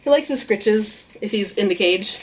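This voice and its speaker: A woman's voice: medium pitch, moderate pace, slight background noise. Cheerful woman cooing at her pet rats. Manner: laughs often, coos at her pets in baby talk. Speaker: artist and vlogger introducing her pet rats. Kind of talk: casual vlog chat. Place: at home with her pets.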